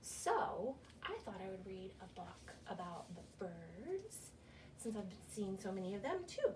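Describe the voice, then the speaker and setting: A woman's voice: medium pitch, very animated, a little slow, distant mic, noisy background. Cheerful librarian woman leading story time. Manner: cheerful, sing-song, coaxing questions to kids. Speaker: children's librarian. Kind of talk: virtual children's story time.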